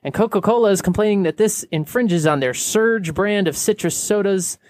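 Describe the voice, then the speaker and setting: A man co-hosting a casual beer podcast, talking in a relaxed way with many fillers into a close microphone. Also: high-pitched, moderate pace, dry recording. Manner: laid-back, lots of filler words. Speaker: podcast co-host. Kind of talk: casual chat.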